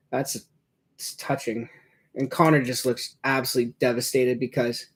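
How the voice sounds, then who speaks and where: A man's voice: mid-range voice, level tone, moderate pace, slightly rough. A man giving casual watch-along commentary as a hockey fan, rambling and reacting, with many fillers.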